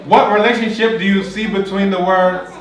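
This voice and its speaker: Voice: medium pitch, fairly even intonation, normal speed. A language teacher giving a classroom lesson, explaining patiently with everyday comparisons and often repeating words. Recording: echoey classroom from far off, pupils chattering. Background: children talking.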